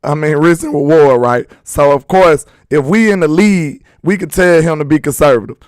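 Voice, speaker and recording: A man hosting a casual sports talk stream, slangy and emphatic, speaking straight to his viewers, his voice a bit hoarse. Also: fairly high pitch, moderate pace, darkish tone, dry recording. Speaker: sports talk livestream host. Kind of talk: casual sports commentary, reading chat.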